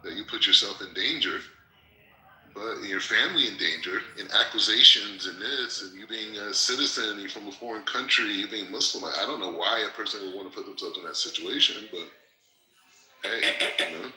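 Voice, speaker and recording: A man's voice: fairly low pitch, a little fast, bright, forceful tone. Insistent man arguing in a roomy echo. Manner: insistent, repeats himself and stumbles on restarts. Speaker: participant in an audio chat room. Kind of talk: heated argument.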